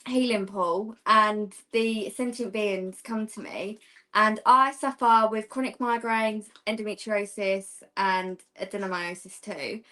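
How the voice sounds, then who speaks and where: A woman's voice: medium pitch, steady tone, measured pace, sharp tone. A young woman chatting as a guest, telling a story in a rambling way with fillers and giggles. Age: young adult. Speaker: guest, practicing witch. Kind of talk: casual chat.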